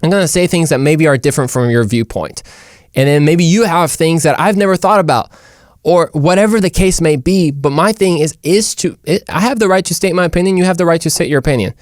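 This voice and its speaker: A man hosting his own talk show, rambling casually in an animated, slangy way. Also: on the high side, a little fast, no echo, clean studio sound. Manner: animated, rambling, slangy, puts on mock British voices. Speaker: show host. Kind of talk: casual opinion monologue.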